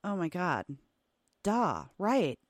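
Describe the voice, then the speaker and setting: A woman's voice: fairly low pitch, takes it slowly, no room sound, clean studio sound. A woman hosting a podcast interview, talking casually and rambling through stories with lots of fillers and restarts. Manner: animated storytelling about family. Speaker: podcast host.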